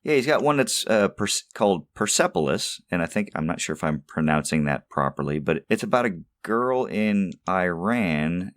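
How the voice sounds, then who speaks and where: A man with a lowish voice hosts a casual movie podcast, chatty and quick to laugh. The recording is dry and close, with no room around him. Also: dry recording. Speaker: podcast host. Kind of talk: casual chat.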